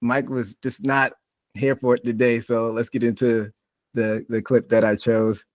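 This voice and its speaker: A man hosting a podcast, speaking in a relaxed, casual manner in a chat with a guest. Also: medium pitch, measured pace, dry recording. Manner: relaxed, casual, uses fillers. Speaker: podcast host.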